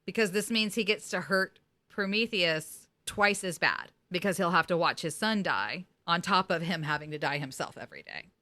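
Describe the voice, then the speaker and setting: A woman podcast host recapping a TV episode in casual chat, animated, laughing often and slipping into impressions. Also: on the low side, moderate pace.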